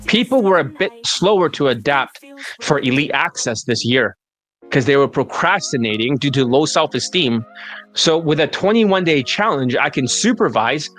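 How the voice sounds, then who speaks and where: Male dating coach, assertive and salesy, a bit high-pitched, ranty pitch over soft background music. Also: animated, moderate pace. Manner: assertive, salesy, turns into a rising rant. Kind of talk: sales pitch answering viewer questions.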